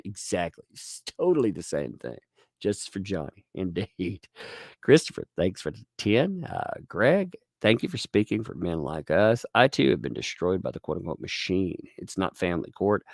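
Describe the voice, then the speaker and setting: A man with a low, gravelly voice hosts a casual livestream and talks in a rambling, animated way. His pitch swings widely as he restarts sentences, and the sound is close and dry. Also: no echo. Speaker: livestream host reading viewer donations.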